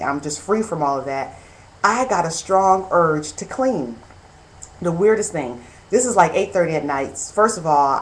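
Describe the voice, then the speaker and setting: A woman in her thirties hosting a show, telling a personal story in an earnest, animated way, quoting herself as she goes. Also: lowish voice, poor audio. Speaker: host. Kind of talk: personal testimony monologue.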